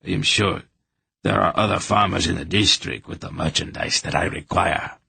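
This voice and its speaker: A man's voice: sits low, steady tone, moderate pace, gravelly, sharp tone, husky, no room sound, heavily acted. A man doing a cold, heavily accented merchant. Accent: heavy foreign accent. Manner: curt, cold. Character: cold scar-faced foreign merchant man.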